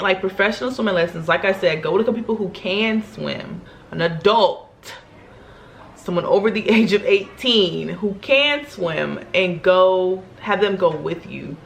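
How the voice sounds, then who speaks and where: A young woman tells a story to her camera in a loose, slangy, chatty way and laughs often as she talks. Her voice sits at a middle pitch. There is faint background hiss at home. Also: gravelly. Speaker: vlogger.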